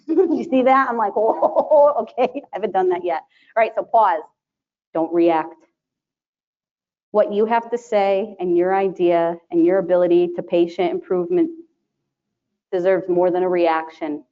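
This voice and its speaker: A woman presenting to a live conference audience, chatty and animated, laughing often and acting out quotes. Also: medium pitch. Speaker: conference presenter, sterile processing educator. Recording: dull lo-fi sound.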